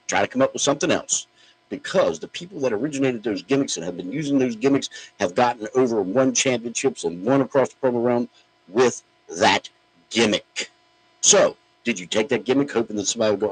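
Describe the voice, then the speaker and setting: A man with a very deep, husky voice rants on his podcast, blunt and profane. His delivery swings up and down with lively pitch as he mocks his targets. The tone stays gruff and opinionated. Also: a little fast, rough recording. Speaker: podcast host.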